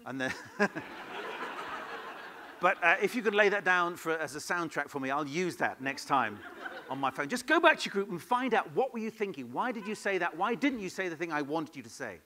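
Bright, playful man leading a workshop. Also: high-pitched, fairly quick, a little hiss or hum. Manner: lively, playful, questions the audience. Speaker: improv workshop leader. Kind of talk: conference workshop talk. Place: conference hall.

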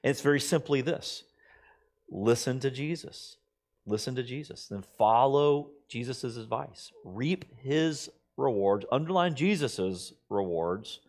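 A man's voice: mid-range voice, animated, a little slow, darkish tone. Middle-aged male pastor, conversational sermon delivery, mid-range voice, storyteller. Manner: conversational storytelling, quoting others in shifting voices.

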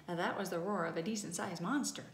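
A woman voicing a male lion in a storybook, offhand and brisk. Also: lowish voice, slight background noise, natural voice. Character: breezy male lion on the run. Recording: roomy echo.

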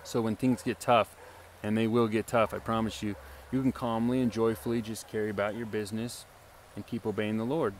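A man's voice: lowish voice, flat delivery, fairly quick, a little hiss or hum. A man giving an informal sermon to camera, earnest and rambling, full of fillers and restarts, often asking "right?". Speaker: self-styled preacher.

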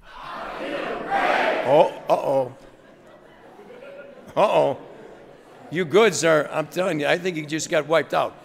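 A man's voice: a little high, unhurried, vocal fry, pauses often, a faint crowd. A man giving an enthusiastic motivational speech to college students, rallying the audience with call-and-response in a lecture hall. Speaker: guest speaker. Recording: roomy hall reverb, faint audience.

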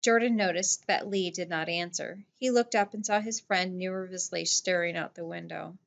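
A woman narrating a novel in a steady, plain storytelling voice. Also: lowish voice, normal speed, creaky, hardly any pauses. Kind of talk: audiobook narration.

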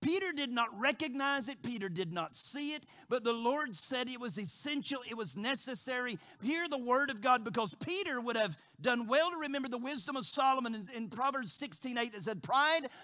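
A male pastor delivers a sermon in a high, bright and ringing voice. He repeats key phrases and acts out quotes, dropping to a hush and then rising to near shouts. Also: lively intonation, normal speed, hardly any pauses. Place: church sanctuary.

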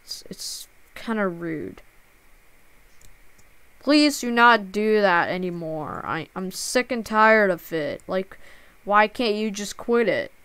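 A woman's voice: medium pitch, animated, unhurried, a bit bright, clear, resonant tone. A woman streaming a game live, upset and close to tears, talking in stammering restarts with a plaintive tone.

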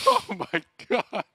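A man's voice: extremely high pitch, vocal fry, sharp tone, dry recording. A young man streaming, telling a story in casual chat and laughing through it. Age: young adult.

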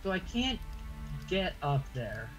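A man's voice: high-pitched, sing-song, takes it slowly, soft background music, poor audio. A man playing a video game with a friend, chatting casually and joking around in a laid-back way. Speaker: co-player. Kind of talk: casual gaming chat.

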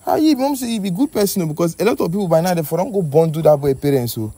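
Fast, animated Nigerian man interviewing. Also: a little high, slightly rough, no echo. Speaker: street interviewer. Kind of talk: comic street-interview skit.

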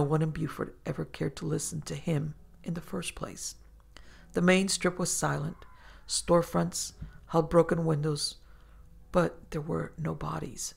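A woman host narrating a first-person horror story in a measured, dramatic way. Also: sits low, little pitch movement, vocal fry, darkish tone, husky.

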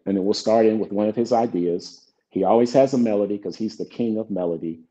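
Low-voiced man telling studio stories. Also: fairly quick, dark tone. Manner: acts out both sides of past conversations. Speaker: songwriter and producer guest. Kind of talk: relaxed interview storytelling. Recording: dull lo-fi sound.

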